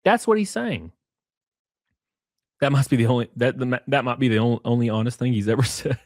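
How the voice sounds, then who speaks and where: A man's voice: medium pitch, level tone, quick pace, a little mellow, no room sound, studio quality. A man giving casual, profane commentary as host, reading messages aloud and mocking their subject with sarcasm and laughter.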